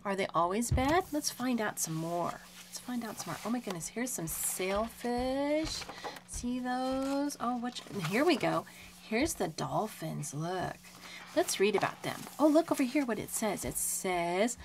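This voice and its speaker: Animated homeschool mom teaching a child. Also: female voice, medium pitch, measured pace, a little hiss or hum. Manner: animated, questioning, explains simply to a child. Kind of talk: reading aloud and teaching a young child.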